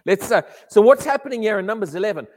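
A middle-aged male preacher with a high, light voice tells a story from the pulpit, often tripping over his words and stopping to laugh. His sermon rings through a hall with a long reverb tail. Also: animated, fast, a little mellow. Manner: storytelling, frequent stammered restarts and laughs.

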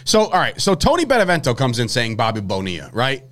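A young man hosting a casual sports podcast, rambling and animated, often breaking off mid-sentence. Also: mid-range voice, fast. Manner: rambling, animated, self-interrupting. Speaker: podcast host.

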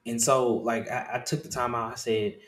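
A man in his thirties hosting a casual talk show. He swears freely, restarts and repeats phrases, and swings between low murmurs and loud excited bursts. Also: moderate pace, reverberant. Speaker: podcast host.

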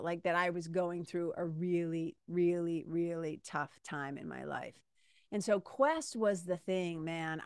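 A middle-aged woman from Massachusetts, telling a personal story in a casual, animated podcast monologue and talking straight to her listeners. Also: mid-range voice, no room sound, studio quality. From Massachusetts, USA. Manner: chatty and animated, addresses listeners as "you guys". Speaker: podcast host.

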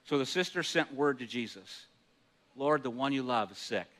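A man's voice: medium pitch, animated, normal speed, fairly bright tone. A middle-aged man preaching a sermon as pastor, chatty and self-deprecating, laughing often and restarting his words. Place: church hall.

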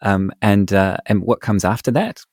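A man co-hosting a podcast in casual chat, explaining things in a thoughtful, steady way. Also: lowish voice, moderate pace, no room sound, studio quality. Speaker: podcast co-host.

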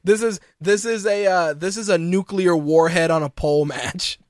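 A man co-hosting a casual wrestling podcast, talking in an animated, profane way and mocking what he quotes. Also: high-pitched, normal speed, no echo, clean studio sound. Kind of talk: casual chat.

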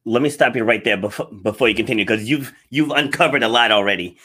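A man's voice: mid-range voice, fast, bright, forceful tone. A man hosting a podcast interview, enthusiastic and affirming, laughing often with his guest. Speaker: podcast host.

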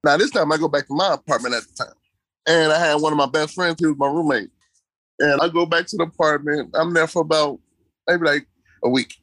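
Emphatic man with a slightly high voice. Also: brisk, fairly bright tone, no echo. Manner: emphatic, repeats key phrases; casual, colloquial delivery. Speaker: interview guest. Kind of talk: personal storytelling in conversation.

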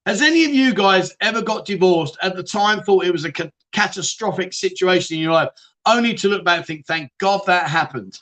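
A man's voice: sits high, animated, fairly quick, bright, forceful tone. A middle-aged man hosting a casual live stream, chatting and greeting viewers by name, often laughing. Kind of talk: casual chat reading live comments.

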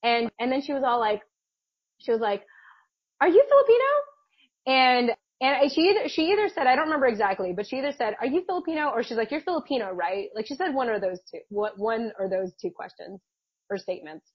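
A woman's voice: on the high side, brisk, husky, no echo, highs cut off. A woman podcast co-host casually telling a long personal story, chatty, with frequent laughs and restarts. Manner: chatty, laughs often, many fillers and restarts.

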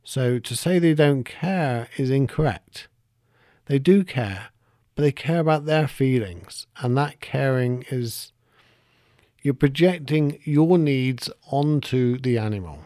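A man talks through his thoughts alone on his podcast, reflective and unhurried in his reasoning. His voice is warm and mellow, and the recording is close and dry with no room sound. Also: mid-range voice, dry recording. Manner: reflective, explains step by step, thinks aloud. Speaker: podcast host. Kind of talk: solo podcast monologue.

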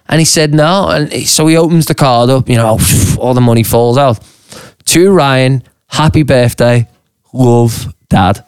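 A man tells a pub story on a podcast, animated and swearing freely, slipping into quick voices for the people in it. His tone is smooth and resonant. The sound is close and dry, with no room around it. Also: medium pitch, no echo. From Liverpool, England. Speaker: podcast co-host. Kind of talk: casual chat, storytelling. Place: podcast studio.

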